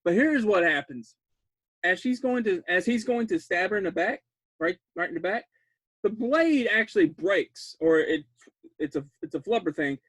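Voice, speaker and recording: A man excitedly recapping a bad horror film, rambling, laughing often and breaking into loud disbelief. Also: high-pitched, normal speed, breathy edge, no room sound. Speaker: podcast host recapping a film.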